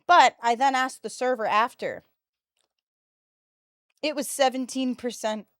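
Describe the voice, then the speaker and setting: A woman of 22 from the United States tells stories on her livestream, chatty, animated, and full of slang as she talks casually with viewers. Her high-pitched voice moves at an unhurried pace, and the studio-quality audio has no echo.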